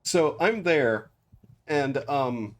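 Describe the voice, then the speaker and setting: Young male streamer, slow, fairly high voice, rambling anecdote with laughs. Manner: rambling, laughs often, acts out quotes flatly. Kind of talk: casual storytelling while gaming.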